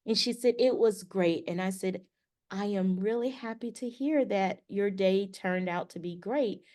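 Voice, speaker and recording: A woman's voice: medium pitch, unhurried, darkish tone. A middle-aged woman co-hosting a podcast, telling a story casually and acting out the dialogue with animation. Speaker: podcast co-host.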